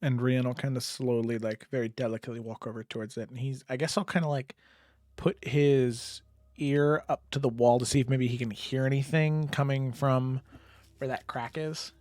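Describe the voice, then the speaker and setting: A man's voice: mid-range voice, steady tone, normal speed, a little mellow, no room sound. A man playing a tabletop game, describing his character's moves hesitantly with many fillers. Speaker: player. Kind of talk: casual tabletop game chat.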